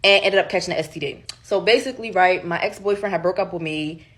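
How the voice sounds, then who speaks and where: A young woman telling a storytime in an animated way, acting out what people said. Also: lowish voice. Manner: animated, fast, acts out quotes.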